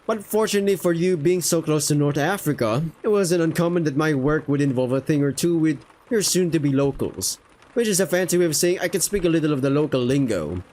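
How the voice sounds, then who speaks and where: A man's voice: a little high, lively intonation, fairly quick, darkish tone, lightly acted. A man voicing a chatty, boastful male falcon sailor in a game, speaking in a friendly, showing-off tone. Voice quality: friendly, show-off tone.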